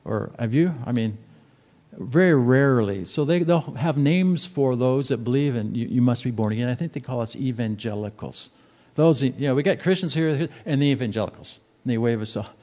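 Pastor, male, mellow tone, casual emphatic preaching. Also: mid-range voice, normal speed. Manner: conversational preaching, emphatic and animated. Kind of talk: sermon.

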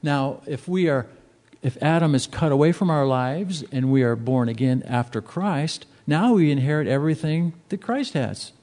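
Man preaching, mellow voice. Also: fairly high pitch, moderate pace. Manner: conversational preaching, emphatic and animated. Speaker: pastor. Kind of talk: sermon.

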